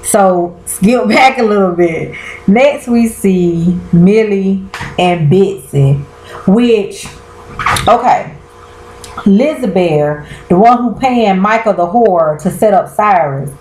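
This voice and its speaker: A woman's voice: mid-range voice, expressive, slow pace, a little mellow. A woman casually recapping a TV episode, chatty and colloquial, talking straight to her viewers and often trailing off and restarting. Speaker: TV show recapper. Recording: roomy echo.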